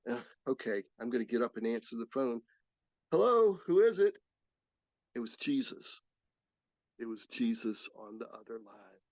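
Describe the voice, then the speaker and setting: A man in his sixties sharing his recovery story in an earnest, halting way, often restarting his sentences. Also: medium pitch, fairly even intonation, dry recording. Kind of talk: personal testimony talk. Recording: slightly dull, dry recording.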